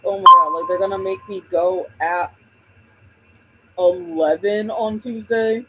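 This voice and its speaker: A woman's voice: lowish voice, steady tone, unhurried, background noise. A woman hosting a book livestream, chatting casually and rambling while she greets viewers by name.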